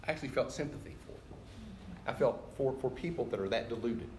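A man's voice: mid-range voice, quick pace, darkish tone, a little hiss or hum. An older man preaching a sermon in a conversational, emphatic way, with sudden rising bursts. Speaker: pastor. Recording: very echoey hall, heard from a distance.

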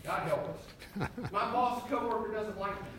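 Heard from afar in a very echoey hall, with a crowd behind him, an older pastor delivers a sermon at normal speed. His voice sits high, and his conversational, emphatic delivery jumps into sudden rising bursts.

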